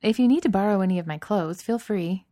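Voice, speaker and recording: A woman voicing a cheerful, chatty rich young heroine who talks in a bright, giggly way. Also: medium pitch, brisk, no echo, studio quality, voice pushed up, natural voice. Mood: chipper.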